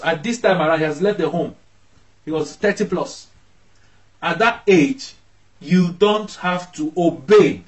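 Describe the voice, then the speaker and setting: A man's voice: a little high, rough recording. A man preaching a sermon as pastor, emphatic, his voice rising sharply when he acts out scolding parents.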